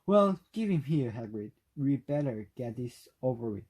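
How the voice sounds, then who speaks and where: A man whose first language is Korean voicing a strict, anxious older witch professor, in clipped, hushed read-aloud speech. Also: mid-range voice, sing-song, normal speed, husky, lo-fi sound. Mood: stern.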